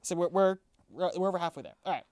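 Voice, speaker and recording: A woman's voice: on the low side, animated, quick pace, darkish tone, no echo. A young woman hosting a podcast, chatting casually and giggling between takes, stumbling over restarts. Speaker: podcast host directing a radio play reading.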